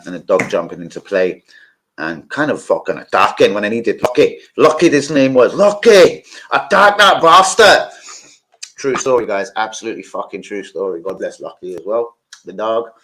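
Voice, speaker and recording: A man's voice: low voice, a little fast, fairly bright tone. A man hosting a live football watch-along, chatting casually, rambling off-topic and swearing freely while talking to his viewers. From London.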